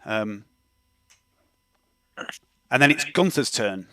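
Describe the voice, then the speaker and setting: A man acting as game master, describing the scene and working out turns with lots of ums and restarts. His voice is bright and forceful, and it sounds dry and close to the mic. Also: fairly low pitch, lively intonation, slow pace, clean tone, no room sound. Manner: rambling, hesitant, full of ums and restarts. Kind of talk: narrating a tabletop game.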